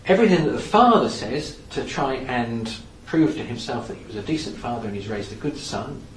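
A man's voice: mid-range voice, animated, brisk. Man telling theatre stories in echoey room. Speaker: speaker on theatre history. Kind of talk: lecture-style storytelling. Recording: echoey room from some distance, faint background noise.

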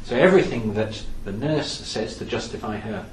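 A man giving a lively, anecdotal talk in a lecture-style storytelling manner. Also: lowish voice, moderate pace. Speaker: speaker on theatre history. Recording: echoey room from some distance, faint background noise.

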